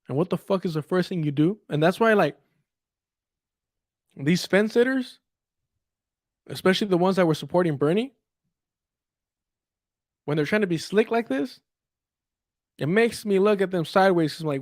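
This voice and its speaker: A man's voice: high voice, animated, moderate pace, long pauses, dry recording, studio quality. A young man giving angry, profane political commentary, mocking others with sarcastic quotes.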